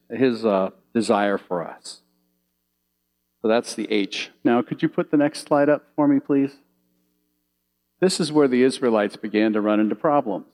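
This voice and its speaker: On a rough recording, a mid-range male voice delivers a slide-based sermon. He brings short, vivid anecdotes to life and keeps asking his listeners questions.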